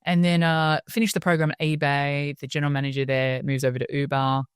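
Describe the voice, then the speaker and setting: An Australian woman, a guest in an interview, telling her story in a lively way and acting out the voices of people she quotes. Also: sits low, quick pace, clean tone, dry recording, studio quality. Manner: lively storyteller who acts out quoted voices and laughs often. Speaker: interview guest, wellbeing speaker.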